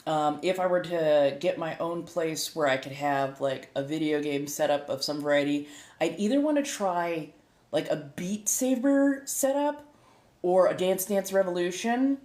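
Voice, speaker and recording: Low-voiced chatty woman, echoey room. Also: unhurried, darkish tone. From United States. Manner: rambling, laughs often, self-correcting. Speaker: streamer and tarot reader. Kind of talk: casual chat to live viewers.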